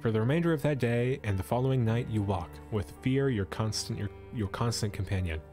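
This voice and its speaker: Reading a storybook to a live stream, this man speaks fairly quickly in a mid-range, darkish voice. Faint music runs under him, and he drops casual jokes and laughs between passages.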